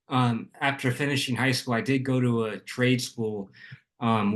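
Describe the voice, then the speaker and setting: A young man from Arizona, a music producer guest, explaining his background in a measured, steady way with frequent ums. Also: on the low side. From Arizona, USA. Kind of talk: casual interview.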